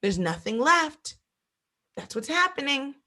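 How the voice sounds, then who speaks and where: A woman teaching a Bible lesson in an animated sermon style, acting out quoted voices and repeating phrases for emphasis, with speech. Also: high voice, unhurried.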